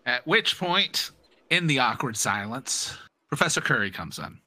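Twangy male game master, bright, easygoing rules talk. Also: mid-range voice, sing-song, measured pace, no room sound. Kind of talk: narrating a tabletop game.

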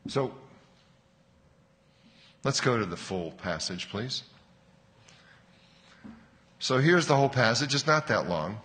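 Man, preacher, bright forceful voice, long hall reverb, wry. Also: medium pitch, very animated. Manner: wry joking, then slow storybook reading. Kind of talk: sermon with humorous readings.

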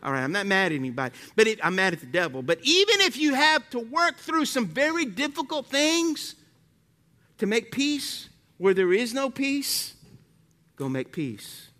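A man preaching a sermon as pastor, animated and full of rhetorical questions that he tosses to the congregation. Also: very high voice, normal speed.

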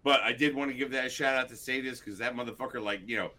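Bright-voiced man, profane casual banter. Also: medium pitch, fairly even intonation, quick pace. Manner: loud, profane, jokey interjections. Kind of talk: casual chat.

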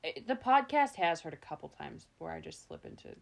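Casting: young woman podcast host, lower-pitched, giggly, animated, casual. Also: brisk, creaky. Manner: giggly, animated, slips into voices. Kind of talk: casual chat.

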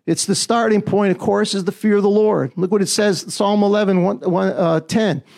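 A man preaching a sermon, reading scripture and urging the listeners on with repeated "come on" calls, often rising close to a shout. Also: high voice, steady tone, moderate pace, gravelly. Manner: emphatic, call-and-response fillers, often rising to near-shouting.

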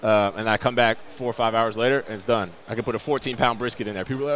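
Laid-back fast-talking guest man. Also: steady tone, a bit bright, a little hiss or hum. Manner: laid-back, upbeat product pitch. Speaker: guest football player. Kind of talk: casual interview chat. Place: outdoor radio row booth.

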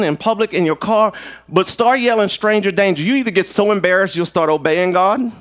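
A man preaching a lively live sermon as pastor, playful and animated, acting out little voices and jokes. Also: high voice, creaky.

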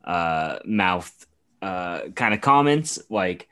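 A man's voice: deep voice, lively intonation, slow pace, pushed and bright. A man co-hosting a casual sports podcast, talking loosely, swearing freely and laughing often. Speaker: podcast co-host.

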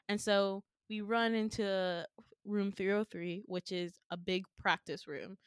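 A young woman co-hosting a casual chat podcast, recounting a dream with lively storytelling and acted-out voices. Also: mid-range voice, measured pace, clean tone, no room sound, clean studio sound. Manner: animated storytelling, acts out quoted voices, laughs often.

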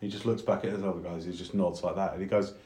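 A man's voice: low voice, level tone, fast, mellow, echoey room. A man narrating as game master for a tabletop game, talking with frequent fillers and restarts. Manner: hesitant, many fillers and restarts.

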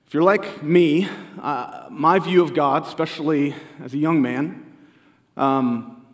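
A man in his forties delivers a Sunday sermon, keeping it conversational and earnest as he poses questions to his congregation. His voice sits a bit high for a man. The live recording carries the long reverb of a church sanctuary. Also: slow. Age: 40s. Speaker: family pastor.

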